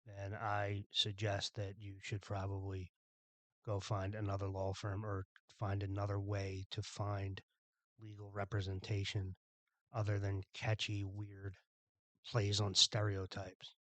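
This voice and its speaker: Low-voiced, irritated ranting man. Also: completely flat delivery, measured pace, fairly bright tone, dry recording. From Philadelphia. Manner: irritated, blunt and profane. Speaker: podcast host. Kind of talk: ranting monologue.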